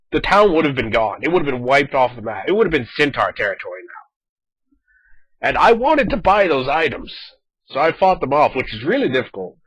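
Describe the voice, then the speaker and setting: A man chatting casually over his gameplay footage, animated and talkative, acting out quoted lines as he goes. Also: on the high side, no room sound, lo-fi sound. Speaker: gaming video host.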